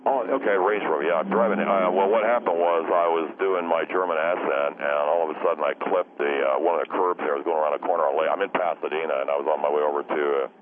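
A man doing a very deep rambling young caller. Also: fairly even intonation, fast, few pauses. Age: young adult. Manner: rambling, forgetful, apologetic. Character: rambling young man calling from his car. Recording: tinny phone line with faint noise.

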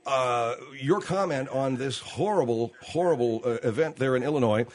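A man's voice: medium pitch, normal speed. A man hosting a talk radio show, exasperated and protesting with his callers.

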